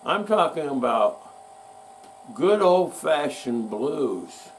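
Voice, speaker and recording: A man's voice: a little high, very animated, slow pace. A man hosting a show, talking about music history in a folksy, rambling way that pokes fun at himself. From United States. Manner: folksy, rambling, self-mocking. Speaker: podcast host. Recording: distant mic with faint mains hum.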